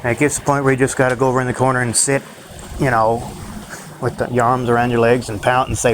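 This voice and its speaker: A man's voice: mid-range voice, flat delivery, quick pace, a little hiss or hum, low-quality recording. A man ranting in a rambling, profane monologue to his own channel, drifting from thought to thought. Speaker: vlogger.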